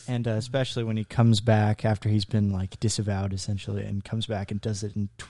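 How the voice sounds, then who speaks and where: Laid-back young man, low voice. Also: flat delivery, fast, warm tone, no echo. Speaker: co-host, son. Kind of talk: casual movie review chat.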